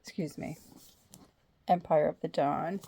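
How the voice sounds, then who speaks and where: Chatty woman with a lowish voice. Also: steady tone, a little slow, vocal fry, warm tone, husky. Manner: chatty, eager, rambling asides. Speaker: book vlogger. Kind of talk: casual reading diary chat. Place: at home.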